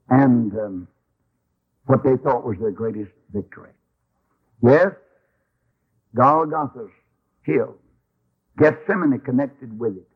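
Brief: emphatic folksy preacher, husky voice swinging up and down, dull radio sound. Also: male voice, mid-range voice. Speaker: Baptist preacher. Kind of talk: sermon.

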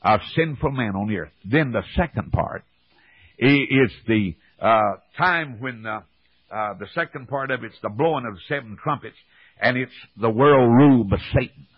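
A man's voice: mid-range voice, lively intonation, moderate pace, slightly rough, dry recording. A man preaching a fervent revival sermon, calling for amens in folksy speech. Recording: dull old radio broadcast.

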